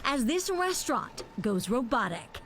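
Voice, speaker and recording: A woman TV news reporter delivering a report in a crisp, upbeat way. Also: on the high side, big pitch swings, measured pace, over music. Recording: ambient noise on location.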